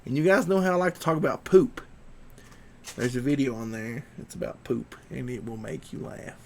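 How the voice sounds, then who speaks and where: A man hosts a live podcast in loose, rambling talk, stopping to read viewer comments aloud. His voice sits in an ordinary middle pitch with a gravelly, crackling edge. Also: animated, moderate pace, a little mellow. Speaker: livestream podcast host. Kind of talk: casual livestream chat.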